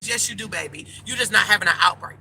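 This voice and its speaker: Chatty woman vlogger in a car, emphatic and direct, sharp tone with vocal fry. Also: medium pitch, fast talker, a little hiss or hum. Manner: emphatic, chatty, addresses viewers as y'all. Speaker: life coach vlogger. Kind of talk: casual direct-to-camera chat.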